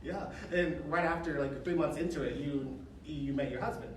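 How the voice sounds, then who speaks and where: A man hosting a radio interview, asking questions in a lively, encouraging way. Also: a little high, normal speed, a little hiss or hum. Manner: lively, encouraging, frequent mm-hmms. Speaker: radio host. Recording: roomy, distant mic.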